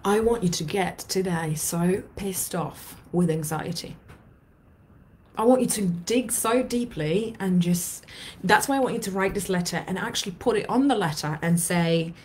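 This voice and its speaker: Earnest woman in her thirties, lowish voice. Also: moderate pace. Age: 30s. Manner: earnest, blunt, swears freely. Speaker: anxiety coach. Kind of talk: emotional coaching talk to viewers.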